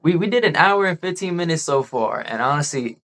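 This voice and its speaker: A man chats on a casual podcast in a relaxed, easygoing way. He often stumbles and repeats his words before getting a sentence out. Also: a little high, a little fast, a crowd in the background. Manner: laid-back, repetitive restarts. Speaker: podcast co-host.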